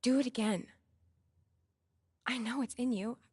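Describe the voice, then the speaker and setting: An actress playing an earnest young woman who pleads with her partner to fight for his career, in a firm, husky voice. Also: fairly high pitch, steady tone, a little slow, a little mellow, no room sound. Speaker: the player's partner in a story cutscene.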